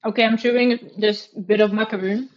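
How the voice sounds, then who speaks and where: A woman's voice: mid-range voice, fairly even intonation, normal speed, highs cut off. A young woman from Romania with a mixed Romanian and British accent, chatting casually and rambling with frequent giggles as a live streamer. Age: young adult. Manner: giggly, rambling, self-mocking.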